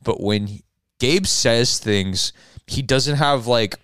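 A young man in his twenties co-hosting a casual podcast, telling stories about a friend and jumping into high, mocking voices to quote people. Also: slow, smooth, no echo, studio quality. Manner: animated storyteller, jumps into high mocking voices when quoting friends. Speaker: podcast co-host. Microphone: studio podcast mic.

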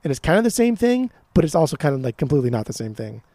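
A man co-hosting a podcast in casual chat, excitable and profane, often repeating words as he gushes. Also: on the high side, racing, dry recording. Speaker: podcast co-host.

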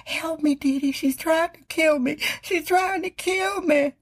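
A woman imitating her frail elderly mother, pleading in a high, desperate voice. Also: measured pace. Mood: terrified pleading. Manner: high, breathy, desperate repeated pleas.

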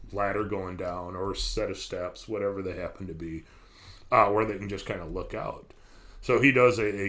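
Casual male podcast storyteller, somewhat low voice, loose, cursing, circling back on his words. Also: pushed and bright. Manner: rambling, profane, restarts sentences. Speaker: podcast host telling a story.

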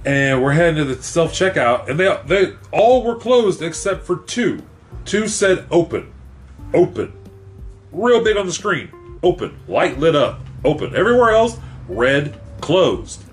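A man's voice: on the high side, very animated, unhurried, faint music behind. A middle-aged man in casual chat, telling stories animatedly and acting out both sides of the exchange.

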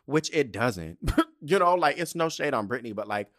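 A man hosting a solo podcast, ranting in a sassy, profane, casual way with big swings in pitch and loudness. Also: lively intonation, normal speed. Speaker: podcast host.

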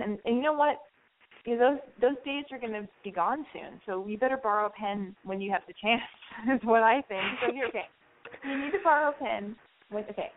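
Chatty woman host on a tinny line. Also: fairly high pitch. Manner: chatty, acts out scenes with quoted voices. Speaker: advice show host. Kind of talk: casual advice chat. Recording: tinny phone-like sound with faint noise.

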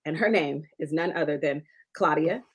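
A woman's voice: deep voice, normal speed, breathy edge. A woman hosting her own podcast, upbeat and chatty, laughing often as she talks with a guest. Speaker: podcast host and coach. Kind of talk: casual interview chat.

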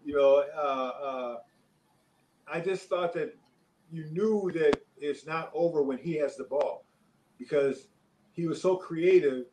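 An older man, a former pro basketball player, telling stories in a relaxed interview, rambling with many fillers and chuckles. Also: a little high, slow pace, long pauses, noisy background. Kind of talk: casual interview storytelling.

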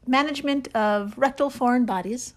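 A woman's voice: high-pitched, moderate pace. A woman co-hosting a podcast in casual chat, often laughing as she talks. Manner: giggly, laughs often while talking. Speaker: podcast co-host.

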